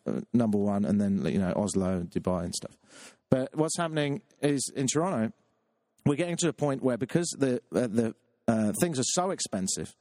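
A man's voice: dark tone, dry recording, studio quality. Exasperated British man ranting on his show. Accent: British English. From Britain. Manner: exasperated, self-mocking, jumps into a high squeaky voice when riled. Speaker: show host. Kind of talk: comic monologue rant. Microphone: webcam setup.

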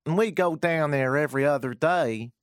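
A man's voice: a little high, moderate pace, clear, resonant tone, no room sound, studio quality, close to an everyday voice. A man voicing a wealthy, complaining American woman in an attempted Texan drawl, as an exaggerated impression. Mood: whiny. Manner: self-deprecating, exaggerated impression.

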